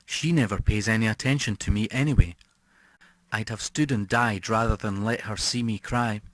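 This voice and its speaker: A man narrating a horror story as an audiobook reader, slow and brooding, dropping to a hush on key words. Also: fairly low pitch, dry recording.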